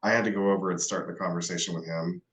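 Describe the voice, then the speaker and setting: A man's voice: low-pitched, steady tone, fast, fairly bright tone. A man from Ohio, a podcast co-host, chatting casually with wry, self-deprecating humor. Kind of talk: casual chat.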